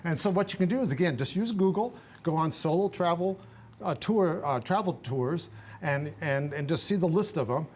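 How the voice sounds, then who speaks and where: An older man, a guest on a radio talk show, giving travel advice in an animated, emphatic way with frequent restarts. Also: on the high side, moderate pace, slight background noise.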